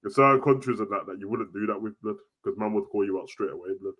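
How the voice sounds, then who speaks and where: A young man chatting casually about football, slangy and animated. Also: on the low side, breathy edge. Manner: slangy, animated, quick banter. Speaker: football podcast co-host. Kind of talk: casual chat.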